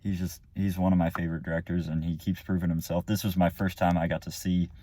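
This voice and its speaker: A man's voice: low-pitched, little pitch movement, quick pace, warm tone, no echo. A man giving a casual, rambling spoken movie review, full of fillers and restarts. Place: car or room after the movie.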